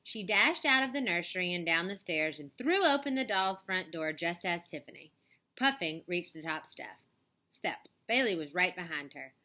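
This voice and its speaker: A woman reads a children's chapter book aloud with expressive, animated storytelling. Her voice is bright and swings widely in pitch. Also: normal speed. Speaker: storybook reader.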